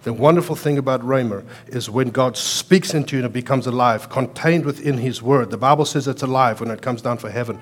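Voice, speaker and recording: A man preaching a sermon, swinging from loud, emphatic lines to quiet storytelling, with an accent that sounds foreign to American ears. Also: medium pitch, brisk, hardly any pauses. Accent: foreign to American listeners. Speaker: pastor.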